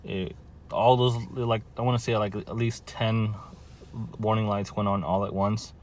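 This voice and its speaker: A man's voice: lowish voice, flat delivery, a little slow, slight background noise. Rambling man explaining his car trouble. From Southern California. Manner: rambling, filler-heavy explaining with restarts. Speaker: car owner vlogger. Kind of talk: casual how-to vlog.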